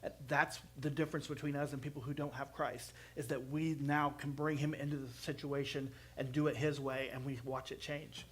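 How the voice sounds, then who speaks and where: A man's voice: mid-range voice, level tone, fairly quick, few pauses, a little hiss or hum. A man on a church parenting panel, speaking earnestly and with emphasis. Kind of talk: church panel talk and closing prayer.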